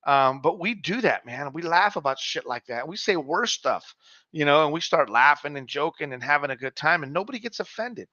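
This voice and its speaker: A man's voice: a little high, lively intonation, fairly quick, sharp tone, no echo, dull audio. A middle-aged man co-hosting a podcast, chatting casually, swearing freely and calling his friend "man" and "dog". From Mexican heritage. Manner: laid-back storyteller, swears freely, says "man" and "dog". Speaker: podcast co-host.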